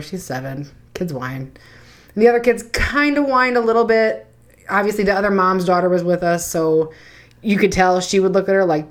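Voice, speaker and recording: A woman co-hosting a true crime podcast, telling stories in a blunt, casual way and swearing freely. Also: lowish voice. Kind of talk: casual profane storytelling.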